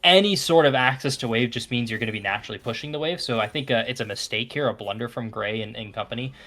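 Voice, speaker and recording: A man giving relaxed, analytical commentary on a live esports match, thinking aloud with frequent fillers and restarts. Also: medium pitch, fast. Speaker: esports caster. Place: broadcast booth.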